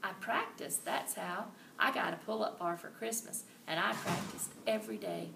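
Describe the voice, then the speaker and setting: A woman voicing a shy, quiet kindergarten boy who speaks modestly. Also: medium pitch, moderate pace, gravelly, background noise. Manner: soft-spoken, modest. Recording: roomy and distant.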